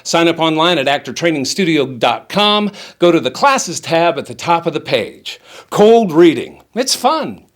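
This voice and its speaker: Middle-aged guy acting coach reading a teleprompter tip, bouncy up-and-down voice, kinda high, playful. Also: normal speed. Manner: lively, playful, emphatic delivery.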